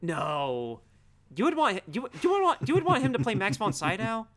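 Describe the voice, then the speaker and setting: A man's voice: sits high, huge pitch swings, moderate pace, fairly bright tone. A young man co-hosting a casual podcast about films, rambling with lots of "like" fillers and easy laughs. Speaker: podcast co-host. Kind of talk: casual film discussion.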